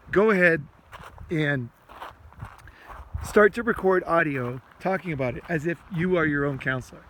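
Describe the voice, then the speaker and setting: A self-help podcast host with a fairly bright, high-leaning voice rambles casually while walking outdoors, with slight background noise. He swears frequently, circles back to the same points, and dramatizes his inner rants.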